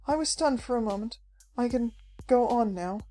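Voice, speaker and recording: A woman voicing a frightened but brave young woman who speaks in hushed, urgent tones. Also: fairly high pitch, normal speed, voice pushed up, lightly acted. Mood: breathless.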